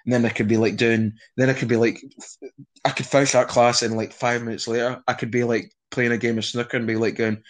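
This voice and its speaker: A man's voice: mid-range voice, little pitch movement, fast. A young Scottish man chatting casually in an interview, rambling with frequent restarts and swearing. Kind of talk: casual conversation.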